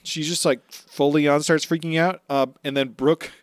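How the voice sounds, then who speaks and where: A man's voice: a little high, fairly even intonation, moderate pace, dry recording, clean studio sound. A man co-hosting a podcast, casually recapping anime episodes in a loose, rambling way full of filler words. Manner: laid-back, rambling retelling with filler words. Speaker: podcast co-host.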